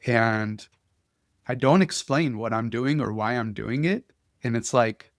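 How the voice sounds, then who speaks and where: Animated man telling stories on a podcast. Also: mid-range voice, vocal fry, no echo, clean studio sound. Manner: animated, restarts often, acts out quotes. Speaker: podcast host. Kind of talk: casual conversational storytelling.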